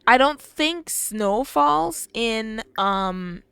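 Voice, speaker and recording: A young woman narrates a game story in a chatty, animated manner. Her voice sits a bit high and bright, and the recording is dry and close. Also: drawn-out words, vocal fry, smooth, no room sound, soft background music. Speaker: gameplay storyteller. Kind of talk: casual narrated gameplay storytelling.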